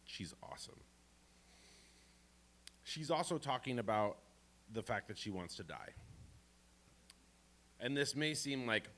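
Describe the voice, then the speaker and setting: A man telling a true first-person story at a live library storytelling event, animated and playful with comic asides. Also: mid-range voice, a little slow, long pauses.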